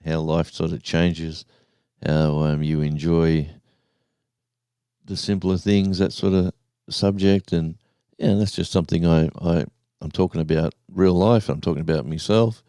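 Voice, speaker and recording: A man in his sixties, hosting a casual live stream, rambling and halting as he reads out the viewers' chat. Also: low-pitched, fairly even intonation, warm tone, smooth, no echo, clean studio sound. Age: 60s. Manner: rambling, halting, with many restarts and fillers.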